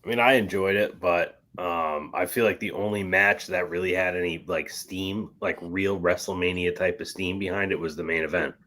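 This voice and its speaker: Deep-voiced laid-back man. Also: fairly even intonation, normal speed, few pauses, fairly bright tone. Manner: laid-back, hesitant, lots of filler words. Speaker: co-host. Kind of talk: casual wrestling review chat.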